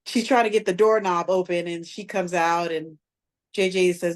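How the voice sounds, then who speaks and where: Her voice is on the low side, steady in tone, at normal speed. As a podcast co-host, she retells a TV episode in a casual, rambling recap full of fillers and restarts.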